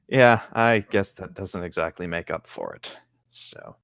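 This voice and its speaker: A man's voice: low-pitched, takes it slowly, creaky, long pauses, fairly bright tone, smooth, no room sound, studio quality. A man co-hosting a casual comedy podcast, reading a bad novel aloud with sarcastic asides and frequent laughter.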